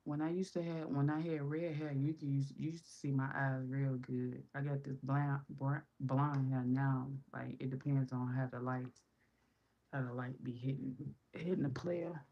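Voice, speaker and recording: A woman with a Chicago accent chats on a livestream in a very low, gravelly voice, unhurried and blunt. Her tone is dark and husky, and she swears freely. The stream audio is dull and lo-fi. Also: steady tone. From Chicago, USA. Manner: blunt, profane, joking. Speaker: livestream host. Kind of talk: casual livestream chat reading comments.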